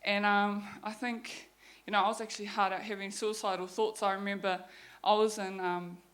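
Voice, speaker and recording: A young woman with a New Zealand accent speaks at normal speed, her voice medium in pitch, fairly bright, and showing little pitch movement. She's a guest speaker giving an unfiltered personal testimony, swearing as she tells her story.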